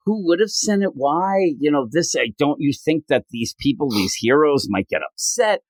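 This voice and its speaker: A man's voice: on the high side, lively intonation, moderate pace, no echo. A man co-hosting a casual comic book podcast, retelling scenes and acting out characters' lines in changing voices. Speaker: podcast co-host.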